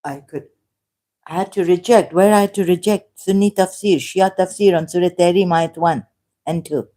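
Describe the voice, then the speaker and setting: A woman's voice: on the low side, warm tone. A woman hosting a livestream who talks off the cuff, often stopping, correcting herself and laughing. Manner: halting, self-correcting, with frequent laughs. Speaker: livestream host. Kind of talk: unscripted livestream commentary.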